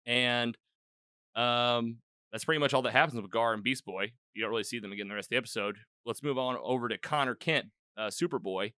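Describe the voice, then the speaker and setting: This podcast host has a brisk, sharp mid-range voice, captured cleanly on his own microphone with no echo. His casual episode recap wanders around, leans heavily on "like," and performs the characters' quoted lines.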